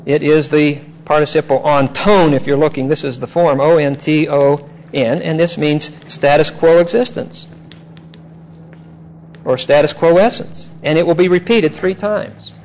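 A man teaching a Bible passage verse by verse, measured and emphatic, explaining Greek grammar. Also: fairly high pitch, steady tone, a little mellow, slight background noise, rough recording. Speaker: preacher.

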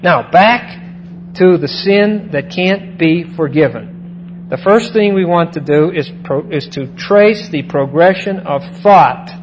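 A man with a fairly high voice teaches from Scripture in a measured sermon style. He repeats his main points and often stops to ask "okay?" A faint hum sits under the recording. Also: expressive. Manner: repeats key phrases and checks in with "okay?". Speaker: Bible teacher. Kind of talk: sermon-style Bible lesson.

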